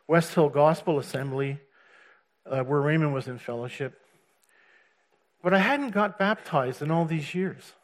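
A man recounting his conversion and street preaching in an earnest, animated way, often stopping to laugh. His voice sits a little high for a man. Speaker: churchgoer giving his testimony. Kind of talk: personal testimony, storytelling.

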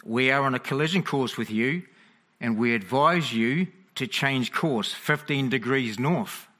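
A stern battleship captain barking firm orders, as a man telling a story puts him on. The voice is bright and pushes hard on each command, and the speaker barely changes his own voice for the part. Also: mid-range voice, measured pace, lightly acted.

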